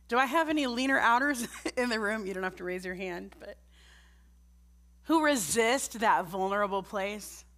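A middle-aged woman with a somewhat high voice preaches a sermon at a church service. She talks in an earnest, conversational way and keeps putting direct questions to the congregation. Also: fairly bright tone.

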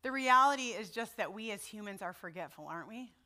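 A woman's voice: medium pitch, expressive, fairly quick, sharp tone. A middle-aged woman giving a sermon in a personal, conversational way, often checking in with her listeners. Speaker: preacher.

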